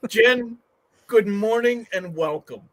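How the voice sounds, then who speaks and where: A man's voice: sits high, slow pace. A man hosting a live online business show, upbeat and inviting as he introduces the panel. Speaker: host.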